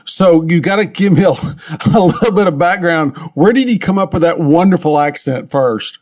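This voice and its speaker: A man's voice: fairly high pitch, animated, normal speed, a little mellow. A man co-hosting a podcast, chatting with friendly, teasing humor. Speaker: podcast co-host. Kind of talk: podcast interview.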